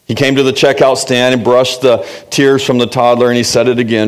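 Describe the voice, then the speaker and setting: A man's voice: medium pitch, level tone, a little fast, few pauses, smooth. A middle-aged man, a pastor, preaching a sermon in an earnest, conversational way and asking the congregation questions.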